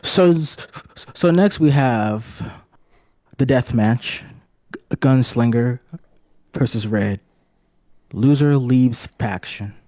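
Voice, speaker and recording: A man hosting a comedic mock wrestling press conference, rambling and halting, with bursts of swearing. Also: mid-range voice, mellow, no echo. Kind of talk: comedic hobby role-play.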